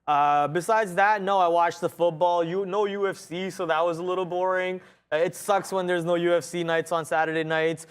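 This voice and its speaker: A man's voice: sits high, steady tone, normal speed, few pauses, clean tone. A young man co-hosting a live trading stream, chatty, joking and a bit boastful about his wins. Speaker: co-host trader.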